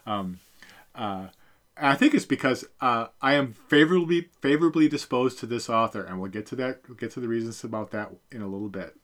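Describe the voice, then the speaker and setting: A man's voice: medium pitch, a little fast, fairly bright tone. A middle-aged man co-hosting a podcast, chatting casually about a book, rambling with many fillers and self-corrections. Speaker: podcast co-host. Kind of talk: casual book-review chat.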